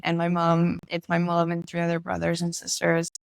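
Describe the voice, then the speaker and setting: A woman's voice: lowish voice, monotone, normal speed, creaky, clear, resonant tone, dry recording. A young woman chatting as a guest in an in-person interview, laughing often and acting out what others said. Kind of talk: casual interview conversation.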